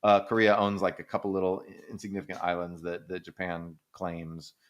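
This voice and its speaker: A man with a somewhat low voice talks loosely on a podcast, piling up fillers and restarts. He tells stories animatedly, swears casually and laughs now and then. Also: brisk. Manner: rambling, animated storytelling with frequent "like" and casual swearing; acts out quoted people in exaggerated voices, laughs often. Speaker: podcast co-host answering listener questions.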